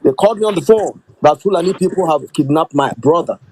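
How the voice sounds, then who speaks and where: A man's voice: on the high side, lively intonation, quick pace, a little mellow, breathy edge, low-quality recording. A man calling in to a talk show, bitter and heated, confronting the host. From Nigeria. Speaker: caller. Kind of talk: angry call-in rant.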